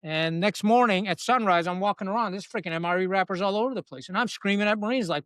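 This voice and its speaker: A man in a podcast interview, telling frank stories in a blunt, salty, animated way. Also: high voice, racing, hardly any pauses, smooth, dry recording. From Pakistan. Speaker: podcast guest, retired Marine officer. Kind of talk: candid conversational storytelling.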